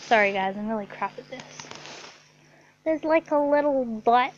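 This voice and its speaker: A woman's voice: fairly high pitch, animated, normal speed, highs cut off, a little hiss or hum. A young woman telling a rambling story to her camera in her bedroom, swearing often and saying "like" a lot. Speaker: vlogger. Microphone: own camera.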